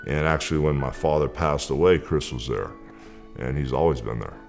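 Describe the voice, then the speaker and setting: A man speaking candidly in a documentary interview, in a measured way. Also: extremely low pitch, gravelly, soft background music.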